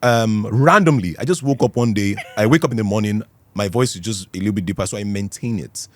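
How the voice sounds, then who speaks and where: A young Nigerian man with a Nigerian accent, a podcast guest telling stories in a playful, animated way and laughing often. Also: fairly low pitch, fast, slight background noise. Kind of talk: casual storytelling chat.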